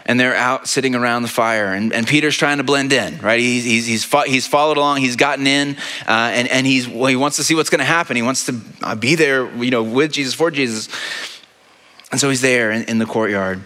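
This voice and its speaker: Male pastor, conversational sermon style, bright tone, long reverb of a church hall. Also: mid-range voice, a little fast. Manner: conversational storytelling, frequent rhetorical "right?".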